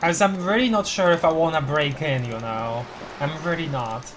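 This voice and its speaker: A streamer chats through a story game, thinking aloud and tripping over words now and then. The voice is mid-pitched. A faint hiss sits behind it. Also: moderate pace. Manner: thinks aloud, reads game text, stumbles and laughs. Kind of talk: casual let's-play commentary.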